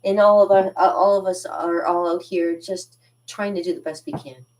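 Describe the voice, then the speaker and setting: A chatty Canadian woman hosting her own cartooning channel talks straight to her viewers, rambling and getting sidetracked. Her voice sits a little low, and she sounds a bit far from the microphone. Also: fairly even intonation, moderate pace, a little mellow, slight background noise. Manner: rambling, sidetracked, laughs often. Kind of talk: casual chat to viewers.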